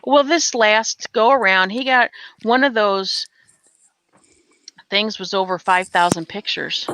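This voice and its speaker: Bright-voiced American woman streamer. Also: mid-range voice, takes it slowly, dry recording. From United States. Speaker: livestream host. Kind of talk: casual chat while gaming.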